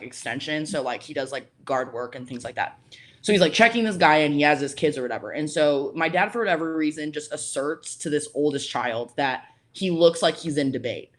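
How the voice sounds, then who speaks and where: A young woman talks casually as a podcast guest, leaning on "like" as she goes and slipping into the voices of the people in her story. Her manner is relaxed and conversational throughout. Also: low-pitched. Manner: chatty, heavy use of "like", acts out quoted voices. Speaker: podcast guest, college debater.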